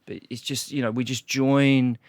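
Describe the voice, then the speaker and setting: A man's voice: mid-range voice, steady tone, moderate pace, a little mellow, dry recording. Rambling man with a Leicester accent. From Leicester, England. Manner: rambling, many restarts and "you know what I mean". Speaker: guest musician. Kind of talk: casual chat.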